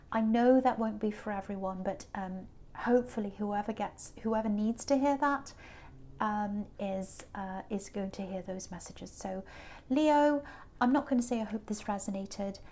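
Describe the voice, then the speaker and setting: A woman's voice: a little high, mellow. Earnest woman giving a tarot reading. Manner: earnest, emphatic, repeats words for stress. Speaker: tarot reader. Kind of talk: tarot reading monologue to camera.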